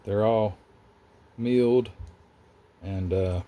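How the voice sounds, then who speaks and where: A man's voice: lowish voice, drawn-out words, mellow. A man with a Southern US accent, hosting a casual, rambling chat about model car building in his hobby workshop. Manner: rambling, chatty, self-interrupting.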